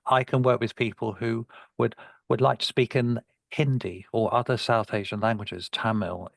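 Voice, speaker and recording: A man's voice: lowish voice, gravelly, dry recording. A man working as a speech therapist and researcher, talking earnestly on a video call and often restarting words. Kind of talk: webinar discussion.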